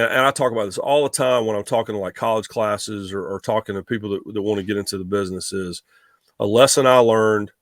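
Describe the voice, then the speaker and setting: A middle-aged man, a sportswriter guest, telling stories in a rambling, animated way with many restarts. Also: lowish voice, no echo, studio quality. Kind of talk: casual storytelling.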